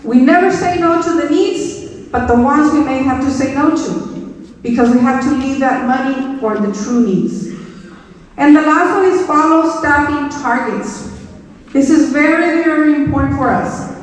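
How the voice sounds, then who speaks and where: A woman's voice: sits high, normal speed. A middle-aged woman, a school superintendent giving a speech to staff in a large auditorium, emphatic and repeating her key points to the audience. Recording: echoey auditorium, voice from far off.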